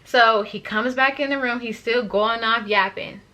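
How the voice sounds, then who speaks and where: A young woman telling a story to her viewers in a chatty, animated way. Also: a little high, moderate pace. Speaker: vlogger. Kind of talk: story time vlog.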